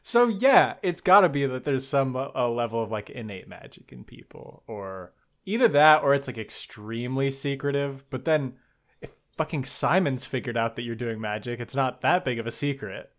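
A man in relaxed podcast banter about a book, his voice at an ordinary middle pitch. He gets emphatic and excited, tosses out jokes and casual swears, and riffs theories back and forth with his co-host. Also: normal speed.

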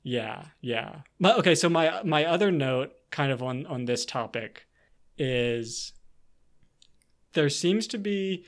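A man co-hosting a podcast, chatting casually about a book in a rambling, animated way with plenty of fillers and restarts. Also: fairly high pitch, slow pace. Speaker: podcast co-host.

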